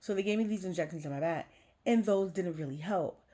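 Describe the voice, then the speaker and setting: A woman's voice: lowish voice, a little fast, dark tone. A young adult woman vlogger frankly telling a personal story, emotional and swearing casually.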